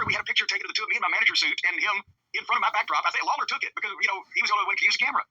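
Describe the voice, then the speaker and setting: Fast-talking, profane older man. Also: high voice, breathy edge, no echo, dull audio. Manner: fast, animated, profane, acts out quotes. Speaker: podcast host telling a wrestling story. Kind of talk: profane storytelling, casual chat.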